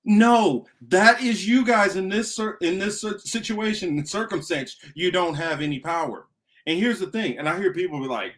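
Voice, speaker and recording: A man's voice: sits high, expressive, moderate pace, fairly bright tone. A man hosting a political talk show, ranting emphatically with heavy profanity and repetition. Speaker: podcast host.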